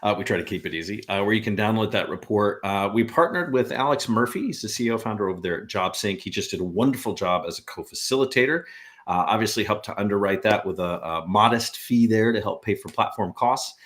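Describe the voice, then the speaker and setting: A man's voice: lowish voice, quick pace, fairly bright tone. A man hosting a podcast in casual chat, joking, laughing often and drifting into rambling asides. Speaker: podcast host.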